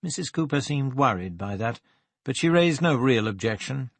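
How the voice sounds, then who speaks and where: A man narrating a crime novel in a measured, even storytelling voice. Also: mid-range voice, dry recording. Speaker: audiobook narrator.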